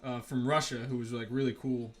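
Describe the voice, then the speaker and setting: A man's voice: mid-range voice, level tone, brisk, faint music behind. A man talking casually while he draws, rambling through stories with lots of fillers and swearing. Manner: rambling, profane, filler-heavy storytelling. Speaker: artist vlogger.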